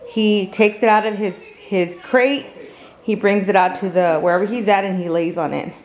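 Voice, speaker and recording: A woman's voice: mid-range voice, steady tone, moderate pace, slight background noise. Chatty woman vlogging at home. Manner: chatty, rambling with restarts, baby-talk to her pets. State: a little out of breath. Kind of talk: casual home vlog chat. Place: home indoors. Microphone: handheld camera.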